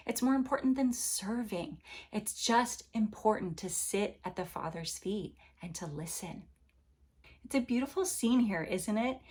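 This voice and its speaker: Warm, lively woman teaching the Bible. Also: mid-range voice, husky. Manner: conversational and animated, acting out quotes playfully; gentle and encouraging. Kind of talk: devotional Bible lesson.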